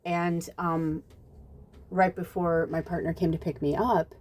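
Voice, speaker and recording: Brief: a chatty woman psychic medium with a low voice, rambling story, many fillers. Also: unhurried. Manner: animated, rambling, heavy use of "like" and "you know"; acts out quotes with jumps in pitch. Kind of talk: casual spoken storytelling in a reading video.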